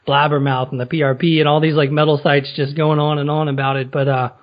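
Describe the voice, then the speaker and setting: A man's voice: on the high side, little pitch movement, fast, dull audio. A man hosting a podcast interview, asking loose, rambling questions full of fillers. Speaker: podcast host. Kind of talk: casual interview.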